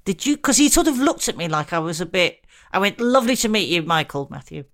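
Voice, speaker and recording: A woman's voice: fairly low pitch, big pitch swings, quick pace. A middle-aged woman co-hosting a podcast, chatting casually and mocking herself with frequent laughs. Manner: self-deprecating, chatty, laughs often. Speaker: podcast co-host. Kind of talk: casual chat.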